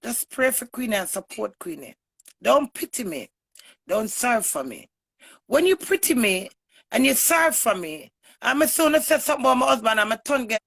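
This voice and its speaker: A woman with a Jamaican accent giving a heated, emphatic livestream rant to her viewers, swinging from loud bursts to low mutters. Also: big pitch swings, moderate pace, vocal fry, breathy edge. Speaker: online personality.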